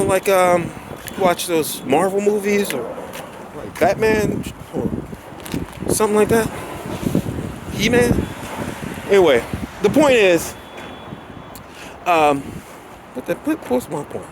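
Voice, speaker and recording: Man, high voice, rambling casual chat, walking outdoors, noisy street traffic. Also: animated, slow, pauses often. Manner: rambling, loses his train of thought; laughs often. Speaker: vlogger walking his dog.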